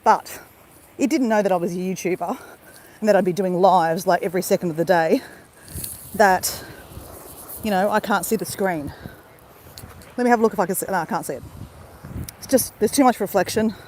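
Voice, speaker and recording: A woman's voice: medium pitch, normal speed, pauses often, darkish tone, a little hiss or hum, rough recording. An Australian woman chatting casually to viewers on a phone while she walks along a beach. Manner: chatty, laughing, talks straight to viewers. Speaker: YouTuber doing a live stream. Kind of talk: casual chat while walking. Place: outdoors on a beach. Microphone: phone at arm's length.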